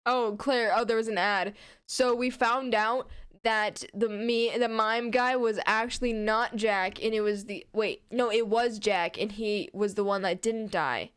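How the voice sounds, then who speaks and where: A woman streamer with a fairly high voice reads fan fiction aloud, tripping over words and breaking into laughter. Her delivery is a loose, casual on-stream reading. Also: steady tone, a little slow, a bit bright, smooth. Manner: stumbling read-aloud, frequent laughter.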